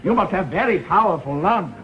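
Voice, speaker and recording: A man's voice: sits high, lively intonation, a little fast, dull audio, very noisy. An actor playing a fussy, formal male vocal coach, giving instructions with precise phrasing in 1960s sitcom acting. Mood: apologetic.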